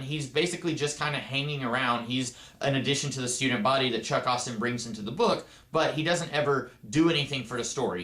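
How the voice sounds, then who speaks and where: A man's voice: mid-range voice, a bit bright, roomy sound. A man giving a casual, rambling comic book review with many asides and fillers.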